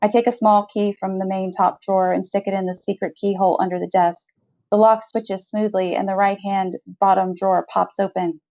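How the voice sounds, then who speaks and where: A woman author reading her own first-person short story in a steady, measured narration, heard on a slightly dull lo-fi recording. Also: on the low side.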